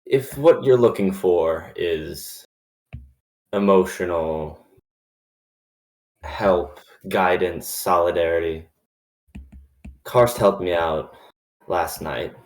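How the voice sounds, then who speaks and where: A defiant male elf who bristles at orders and speaks with blunt, measured resolve, played by a man. His voice is low and unhurried, each word weighed. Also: a little mellow, echoey room. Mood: resolute.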